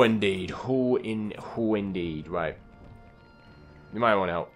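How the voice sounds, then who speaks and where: A young man casually commentating his video game play, chatty and quick to get exasperated at the characters on screen. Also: on the low side, soft background music. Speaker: gaming channel host.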